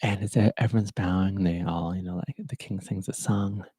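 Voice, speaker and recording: A man's voice: deep voice, fairly even intonation, normal speed, mellow, slightly rough, no room sound. A man in his thirties or forties hosting a podcast, telling a story in an earnest, rambling way with many fillers. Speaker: podcast host. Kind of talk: casual chat.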